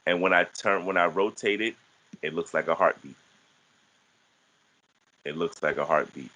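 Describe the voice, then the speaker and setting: A man's voice: deep voice, pushed and bright, rough recording. A man teaching an online class, explaining step by step with frequent restarts and fillers. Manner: halting, many restarts and fillers.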